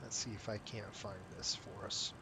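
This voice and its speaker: Relaxed, rambling man chatting to viewers. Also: on the low side, moderate pace, vocal fry, background noise. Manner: rambling, self-interrupting, talks to viewers as "you guys". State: tired, yawning. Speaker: flight sim streamer running a virtual airline. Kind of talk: casual live-stream chat over gameplay.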